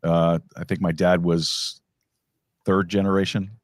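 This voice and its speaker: A man's voice: deep voice, little pitch movement, unhurried, dry recording, clean studio sound. A man hosting a podcast, chatting casually and rambling with lots of restarts and fillers. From New York. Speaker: podcast host. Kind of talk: casual conversation.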